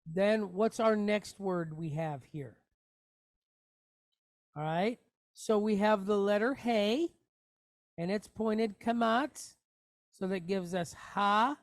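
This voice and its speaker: A woman's voice: mid-range voice, takes it slowly, pauses often, no echo, clean studio sound. A woman teaching a Hebrew reading lesson, patiently explaining each letter and asking the class questions.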